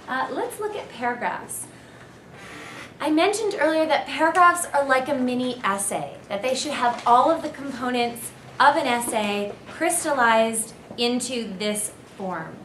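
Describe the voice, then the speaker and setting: A woman university English lecturer giving a clear, emphatic seminar talk on essay writing. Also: fairly high pitch, a bit bright. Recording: echoey room, faint noise.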